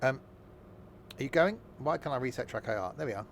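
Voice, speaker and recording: A man's voice: mid-range voice, animated, fairly quick, creaky, a little hiss or hum. A man giving rambling, self-mocking commentary while playing a driving game. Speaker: gaming streamer. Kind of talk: casual gameplay commentary.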